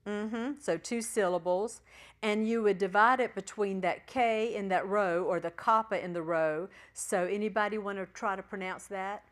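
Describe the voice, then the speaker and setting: A woman teaching a church class, patiently spelling out letters and sounding out syllables slowly. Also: mid-range voice. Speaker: Bible Greek teacher.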